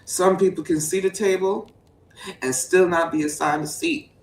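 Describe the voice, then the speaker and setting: A woman giving a playful sermon-style riff on a voice call, preachy and repetitive, bursting into high whoops. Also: moderate pace. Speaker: show participant preaching to the group. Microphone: voice chat mic. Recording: roomy, distant voice chat audio, faint hum.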